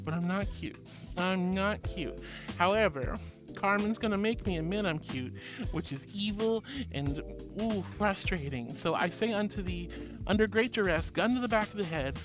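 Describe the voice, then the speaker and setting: Woman VTuber host, casual and affectionate, middle-pitched voice, music bed underneath. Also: normal speed. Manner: playful, affectionate, thanks viewers warmly with pet names. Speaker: VTuber streamer. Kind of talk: casual live-stream chat, reading chat aloud.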